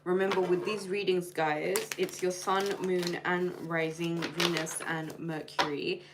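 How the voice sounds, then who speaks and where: Low-voiced woman giving a chatty tarot reading. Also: little pitch movement, unhurried, noisy background. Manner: chatty, addresses each sign by name, playful nicknames. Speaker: tarot reader. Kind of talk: live-streamed tarot reading.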